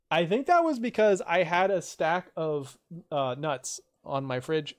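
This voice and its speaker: Here a man chats loosely during a game stream, reading comments from viewers. His voice shoots up, loud and high, whenever he's quoting somebody.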